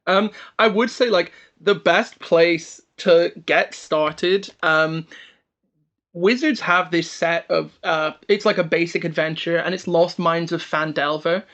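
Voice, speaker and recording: A man in casual podcast chat, giving relaxed advice with many fillers. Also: fairly high pitch, takes it slowly, lo-fi sound.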